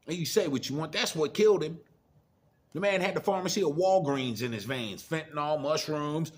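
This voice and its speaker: A man's voice: on the high side, lively intonation, fairly quick. A middle-aged man giving a profane, preachy monologue of blunt warnings in casual rant style. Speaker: commentator.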